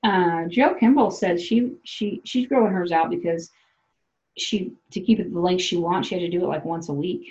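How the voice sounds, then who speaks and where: A woman's voice: fairly low pitch, normal speed, a little mellow, dull audio. A woman from South Dakota hosting a podcast, chatting loosely and laughing as she acts out what people say. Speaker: podcast host. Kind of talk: casual chat.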